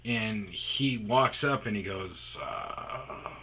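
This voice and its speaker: A man's voice: on the low side, a little slow, sharp tone, slightly rough. A man hosting his own vlog, telling a rambling, profane story in a casual monologue. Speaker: vlog host telling stories.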